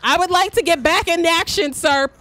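A young woman giving excitable live commentary while playing a game, swearing, cheering on teammates and shrieking when chased. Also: very high voice, normal speed. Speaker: streamer.

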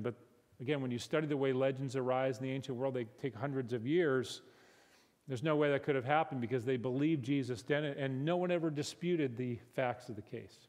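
A middle-aged man teaching at a church conference, animated and building to emphatic peaks. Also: mid-range voice, a little fast. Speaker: conference speaker. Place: church hall. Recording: hall reverb.

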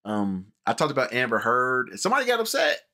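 A man hosting a casual movie review chat, animated, repeating words and acting out the people he quotes. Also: medium pitch, fast talker. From Cincinnati, USA. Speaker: podcast host.

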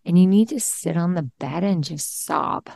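Low, mellow-voiced woman host. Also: normal speed, creaky, dry recording, studio quality. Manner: earnest, encouraging, gently advising. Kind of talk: supportive conversation over video call. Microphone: video call.

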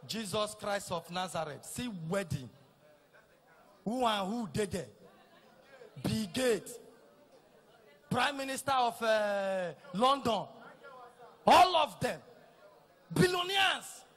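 A middle-aged Nigerian man with a Nigerian Pidgin accent, doing a teasing stand-up routine that repeats lines and shouts punchlines. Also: high voice, lively intonation, slow pace, pauses often, a faint crowd. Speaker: stand-up comedian. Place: live comedy stage.

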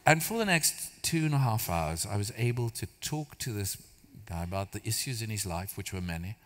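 A man's voice: fairly low pitch, big pitch swings, moderate pace, a bit bright, a little hiss or hum. Storytelling man preaching in a reverberant hall. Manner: storytelling, conversational, self-deprecating humor. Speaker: church speaker. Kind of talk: sermon. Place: large church hall.

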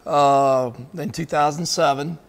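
Guy with a gravelly voice, kinda high, laid-back bbq chat. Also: steady tone, measured pace. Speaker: barbecue pitmaster guest. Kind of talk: casual chat. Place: kitchen showroom.

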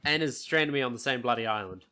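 A man's voice: mid-range voice, fast, sharp tone, smooth. A man hosting a casual gameplay chat, laughing often and sounding exasperated at his game, with mild swearing. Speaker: gaming channel host.

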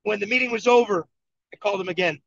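A Buffalo, New York team leader and coach talks fast in a high, slightly bright voice during a motivational coaching session, stressing his story with repetition. He's on a video call from a moving vehicle, and the audio is dull, lo-fi and free of room sound.

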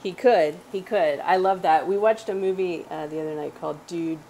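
Chatty woman with a low voice. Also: moderate pace, warm tone, a little hiss or hum. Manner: chatty, laughs often, rambling asides. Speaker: screenwriter hosting a script read stream. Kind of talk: casual chat.

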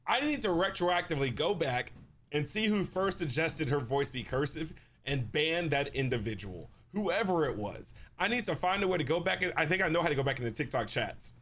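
Young male streamer, slightly higher voice, casual slangy game commentary. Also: animated, a little fast, fairly bright tone. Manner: loose slangy chatter, laughs often. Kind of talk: casual let's play commentary. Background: faint game music.

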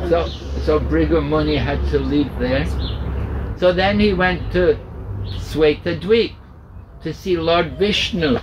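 Male spiritual teacher, patient slow storyteller at a home program, faint background noise. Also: a little high. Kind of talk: storytelling sermon. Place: home gathering indoors.

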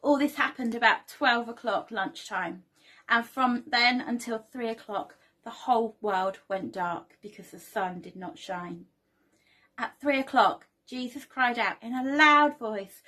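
In a church setting, a young woman leads a storytelling lesson for kids at a slightly slow pace. Her voice is a bit high, and she gently asks the children questions and encourages them to join in.

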